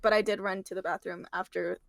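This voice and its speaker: A woman chatting casually as a guest, animated and giggly as she retells things. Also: medium pitch, a little fast, creaky, no echo, clean studio sound. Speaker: guest reviewer. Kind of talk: casual chat.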